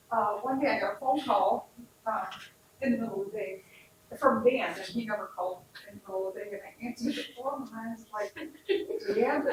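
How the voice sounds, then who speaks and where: A woman with a very breathy, somewhat high voice tells a brief anecdote at a ceremony. She speaks quietly and haltingly, slipping into laughter. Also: poor audio. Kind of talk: sharing a short anecdote at a ceremony. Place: hotel ballroom event.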